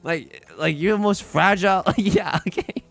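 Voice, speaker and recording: Guy streaming mahjong, kinda high bright voice, gravelly, rambles and yells when stuff happens, faint music behind. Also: unhurried, no echo. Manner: excitable, rambling, shouts when the game turns. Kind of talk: livestream commentary over a mahjong game.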